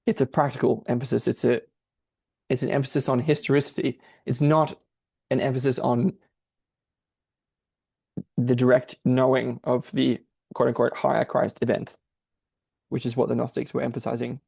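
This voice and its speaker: A man's voice: medium pitch, level tone, normal speed, creaky, pauses often, a little mellow, husky, no room sound. A man thinking aloud as he explains a difficult text, in a searching, explanatory manner. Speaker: podcast host explaining a text. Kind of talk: exegetical commentary.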